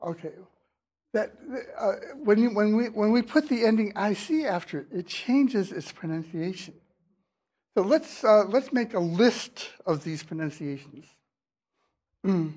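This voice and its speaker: A man giving a university lecture in class, talking in a halting way with many restarts and fillers. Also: sits high, animated, darkish tone. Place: lecture hall.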